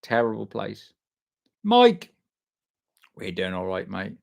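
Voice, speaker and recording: A man with a gravelly, mid-range voice hosts a live stream at normal speed, chatting casually. He swears freely and reads out viewer comments, answering each person by name in a loose, matey way.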